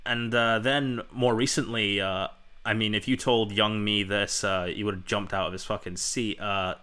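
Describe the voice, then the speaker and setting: A young man with a lowish voice and a bright, forceful tone hosts a casual chat. He rambles enthusiastically, stacking up fillers as he tells his stories. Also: fairly even intonation, normal speed. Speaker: podcast host.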